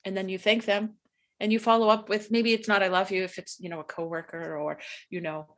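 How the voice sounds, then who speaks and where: A woman's voice: medium pitch, little pitch movement, fairly quick. A woman co-hosting a casual podcast chat, talking in an earnest, reflective way and often trailing off mid-thought. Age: adult with a young daughter. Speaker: podcast co-host.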